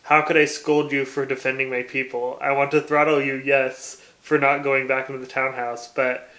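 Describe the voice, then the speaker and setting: A man reading a novel aloud, giving the lines of an intense, tender male fae lover in a soft, low voice. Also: level tone, moderate pace, lightly acted, poor audio.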